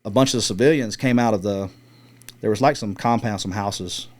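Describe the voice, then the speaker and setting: As a guest in an interview, a middle-aged former Marine scout sniper tells a long, laid-back story, swearing freely while mimicking the radio calls. He speaks a little fast in a fairly low voice.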